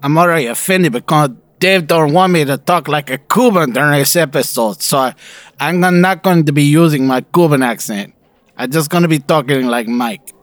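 A man's voice: fairly high pitch, moderate pace, fairly bright tone, dry recording. A man co-hosting a podcast in casual chat, teasing and bantering. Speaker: podcast co-host.

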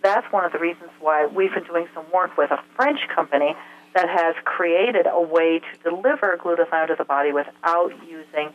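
On a tinny phone line, a woman whose voice is on the low side talks at normal speed. As the health expert guest in an interview, she lays things out step by step, often filling pauses with filler sounds.

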